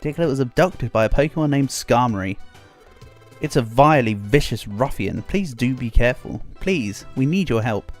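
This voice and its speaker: A man's voice: medium pitch, expressive, normal speed, darkish tone, faint music behind, lightly acted. An English man voicing a worried, polite three-headed mole parent from a video game, reading its lines in a formal, courteous way. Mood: pleading.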